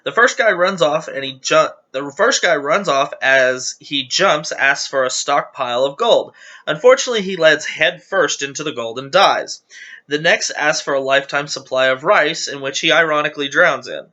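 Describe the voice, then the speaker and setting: A man's voice: fairly high pitch, lively intonation, normal speed, bright, forceful tone, highs cut off. A man hosting his channel, casually reading viewer jokes aloud with chatty, giggly, self-deprecating asides.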